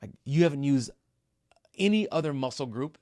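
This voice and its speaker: A man's voice: medium pitch, lively intonation, normal speed, warm tone, no room sound, studio quality. A middle-aged man telling a story in a casual interview. He talks with open emotion, swears freely and acts out his own reactions as he goes. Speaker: company CEO recounting an ocean row.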